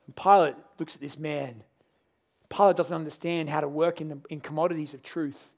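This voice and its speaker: A male pastor delivers a sermon with a high-pitched voice. He tells the story in an animated way and acts out its scenes as he preaches. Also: fairly quick, vocal fry.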